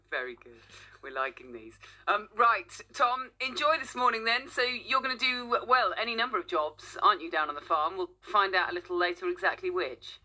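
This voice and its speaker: A woman's voice: mid-range voice, expressive, moderate pace, sharp tone. A woman presenting a casual morning radio show, chatty and teasing, laughing often.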